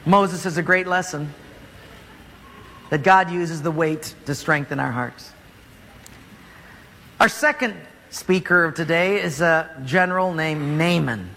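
A man's voice: a little high, slow, vocal fry, long pauses, sharp tone, in a large hall, a little hiss or hum. A man preaching a sermon as pastor, telling the story animatedly with jokes.

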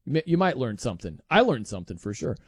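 Male radio host, animated and jokey, lively delivery, close dry mic. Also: medium pitch, fast talker, husky, no echo. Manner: animated, chatty, jokey asides. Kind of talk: casual radio talk.

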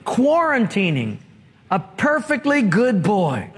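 A man's voice: high-pitched, wildly swooping pitch, slow pace, a little hiss or hum. A man preaching a sermon as pastor, telling stories with humor and acting out the voices in them. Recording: reverberant hall.

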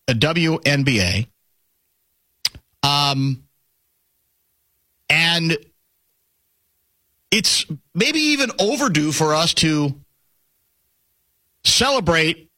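A middle-aged man with a high, bright, ringing voice hosts a sports talk show, telling stories and teasing his co-host in a chatty, animated delivery that swoops up and down. The sound is dry and close with no echo.

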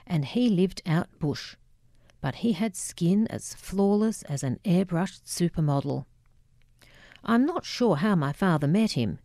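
An Australian woman narrates a memoir at an unhurried, deliberate pace, her voice low and mellow. Her reading is measured and reflective, and the recording is dry and close with no room sound. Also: no room sound.

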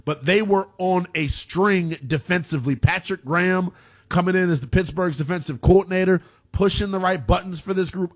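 A man hosting a sports talk radio show, energetic and analytical. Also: fairly high pitch. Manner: energetic, analytical, pushes callers to speak boldly.

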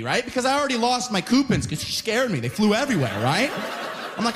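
A man performing a stand-up set at a live show, animated and tacking "right?" onto his lines while acting out characters. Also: extremely high pitch, quick pace. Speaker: stand-up comedian.

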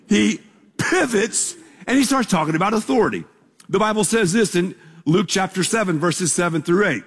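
High-voiced pastor preaching in a reverberant hall. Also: male voice, lively intonation, normal speed, slightly rough. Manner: conversational, emphatic, asks the congregation to repeat words. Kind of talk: sermon. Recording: long reverb of a large hall.

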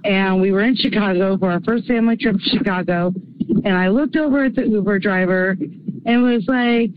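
A woman's voice: on the high side, a little fast, dry recording, highs cut off. A woman from small-town Illinois, leaving a rambling, giggly voice message for a talk show. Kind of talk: chatty voicemail story.

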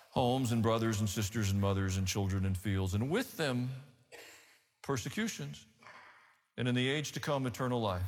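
A man preaching a sermon, telling the story in an animated, emphatic way with rhetorical asides. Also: mid-range voice. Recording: long hall reverb.

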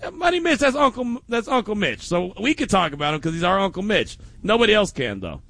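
A man's voice: high voice, brisk, no echo. A man hosting a daily sports talk show, telling stories casually with frequent laughs. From Oakland. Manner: animated storytelling with frequent laughs.

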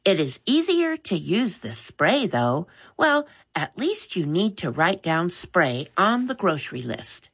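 A woman's voice: fairly low pitch, very animated, slow, few pauses, a bit bright, breathy edge, full character voice. A woman reading aloud, voicing a responsible boy who gives directions politely. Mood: bossy. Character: boy, responsible and a bit bossy.

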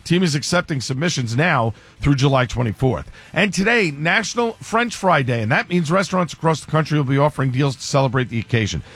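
A man reading local news in a brisk, even way. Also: a little high, husky. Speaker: newscaster.

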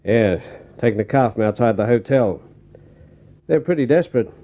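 A practical detective speaks briskly and plainly as a man plays him, his voice lively in pitch. The sound is thin and narrow, like an old radio broadcast heard over a phone line. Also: close to an everyday voice. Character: practical male detective friend. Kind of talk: vintage radio drama acting.

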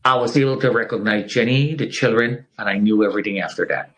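Husky, low-voiced middle-aged man testifying. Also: fast, a bit bright, rough recording. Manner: earnest, acts out quoted people. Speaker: guest sharing his survival story. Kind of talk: emotional personal testimony.

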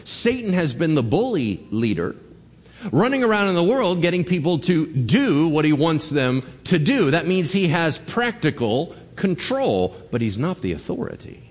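A man preaching a sermon as pastor, emphatic and animated, swinging his voice up and down for emphasis. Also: a little high, moderate pace. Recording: long reverb of a church hall.

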